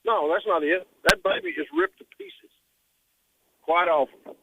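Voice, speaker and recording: A man's voice: high voice, huge pitch swings, unhurried, vocal fry. A man calling into a radio show, talking emphatically and repeating his points over a phone line. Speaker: caller. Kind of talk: call-in radio talk.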